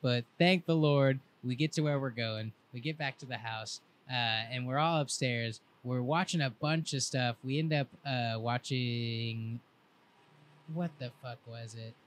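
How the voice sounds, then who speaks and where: A young man on a podcast, telling a long rambling story in a casual, laid-back way and quoting his friends in lively voices. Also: medium pitch, a little slow, slight background noise. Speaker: podcast co-host.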